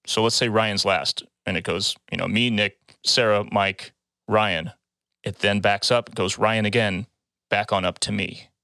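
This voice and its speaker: A man hosting a casual podcast, explaining the draft rules in a relaxed way. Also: on the low side, measured pace, creaky, no echo. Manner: laid-back, explains rules, laughs often. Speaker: podcast host and draft moderator. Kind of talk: casual chat.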